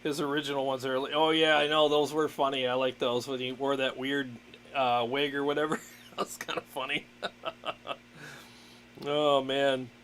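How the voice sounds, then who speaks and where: A man hosting a casual livestream, chatting in a relaxed way with many fillers and frequent laughs. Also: medium pitch, moderate pace, long pauses, a little hiss or hum. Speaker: livestream host, guitarist.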